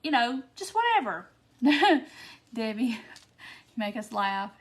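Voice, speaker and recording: Lady doing a craft livestream, high voice, keeps cracking up laughing, chatting to viewers. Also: big pitch swings, slow pace. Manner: giggly, keeps breaking into laughter; reads viewer comments aloud by name. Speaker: craft tutorial host. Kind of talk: casual live-stream chat.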